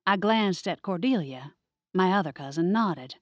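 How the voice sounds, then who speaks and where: A woman giving expressive first-person audiobook narration. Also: on the low side, moderate pace, no room sound.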